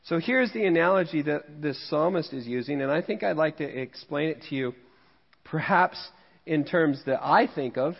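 A fairly high-voiced pastor from Missouri, preaching in a casual, joking way and poking fun at himself. His voice rings with a long reverb through the church, and the recording sounds muffled and dull. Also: expressive, normal speed, creaky. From Missouri, USA. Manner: jokey, conversational, laughs at himself. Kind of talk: sermon with humorous storytelling. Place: church sanctuary.

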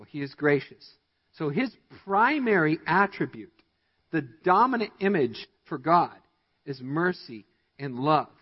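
A man preaching a sermon as pastor, stressing his points with emphatic, rising delivery. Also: husky. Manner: emphatic preaching with rising pitch on key lines. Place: church sanctuary. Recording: dull, echoey church recording.

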